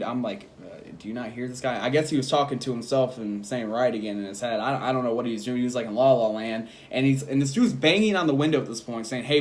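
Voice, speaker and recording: A man in his twenties telling a story in a casual vlog, rambling and animated, laughing between lines. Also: mid-range voice.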